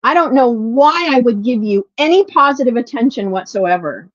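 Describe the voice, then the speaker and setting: A middle-aged woman on her livestream vents her frustration with plenty of swearing, then apologizes and drops to quiet mutters, swinging between loud and soft in this unscripted rant. Her fairly high voice is animated at a normal pace. The audio is dull, lo-fi, and dry, with no echo.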